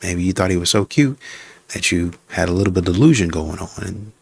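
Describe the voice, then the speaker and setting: Reaction host, man, very low voice, casual hesitant commentary, dry recording. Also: a little fast, creaky, slightly rough, no echo. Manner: hesitant, thinking aloud with repeats.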